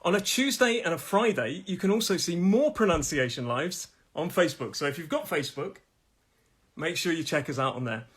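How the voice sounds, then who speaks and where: A middle-aged man from England, a pronunciation teacher in a live lesson, chatty and repeating words slowly as his voice starts to go. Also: on the high side, lively intonation, a bit bright, breathy edge. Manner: chatty, repeats each word slowly, laughs at own jokes. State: losing his voice.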